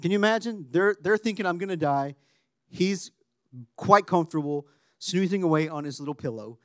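A man preaching a sermon, animated and conversational, dropping to a hushed voice when acting out quotes. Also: sits high, fairly quick, no echo, clean studio sound. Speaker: pastor.

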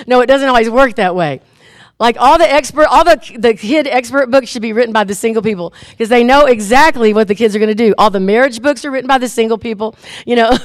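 A middle-aged woman preaching a sermon, telling stories with lively acted-out voices. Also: a little high, no echo, clean studio sound. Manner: animated storytelling, acts out inner voices.

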